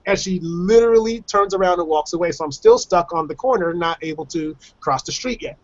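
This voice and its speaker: A man's voice: sits high, sing-song, a little fast, lo-fi sound. A man telling personal stories in casual chat on a video call show, laughing often and acting out other people's voices. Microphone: video call microphone.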